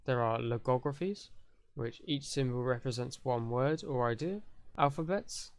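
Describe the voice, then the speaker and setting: Young British man, casual tutorial host, talks through each step plainly. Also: medium pitch. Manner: chatty, explains step by step. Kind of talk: casual online lesson.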